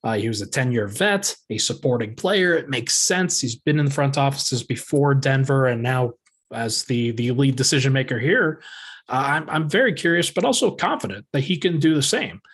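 A man hosting a sports podcast with a hyped-up, energetic delivery. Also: mid-range voice, normal speed, husky. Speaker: podcast host.

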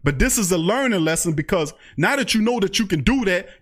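Male podcast host, high-pitched, hyped and loud, ranting to the chat. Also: expressive, brisk. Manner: loud, hyped, trash-talking, reads out chat. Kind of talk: fired-up livestream sports talk.

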